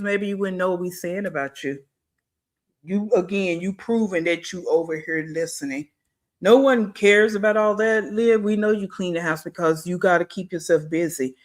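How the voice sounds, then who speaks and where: A stream host talks straight to the camera in a casual, slangy way. The voice sits at a middle pitch and drives point after point with blunt, scolding rhetorical questions. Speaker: reaction channel host. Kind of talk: casual commentary. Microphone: streaming setup mic.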